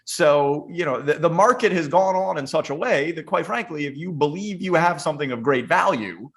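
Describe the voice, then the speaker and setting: A man co-hosting a podcast in casual chat, with a voice a little higher than most men's. He is teasing and wordy, building long, argumentative riffs. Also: normal speed, fairly bright tone. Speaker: podcast co-host.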